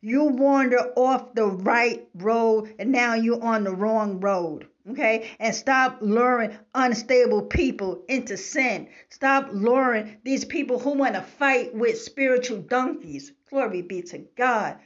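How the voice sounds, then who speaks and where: Woman Bible teacher, unhurried, emphatic, keeps asking "okay?", muffled low-fi sound. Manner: emphatic, repeats "okay?" to the listener. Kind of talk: preaching commentary on scripture. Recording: slightly dull lo-fi recording.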